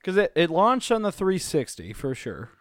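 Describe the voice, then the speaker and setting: A man's voice: sits high, huge pitch swings, moderate pace, dry recording, clean studio sound. A man co-hosting a podcast, chatty and casual, swearing now and then. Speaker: podcast co-host.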